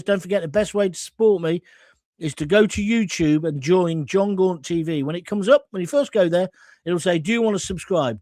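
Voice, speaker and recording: A blunt, combative man hosts a live talk show, reading viewer comments aloud with jokes between them. His voice sits high and swings widely up and down. The sound is dry and close, with no room echo. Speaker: host.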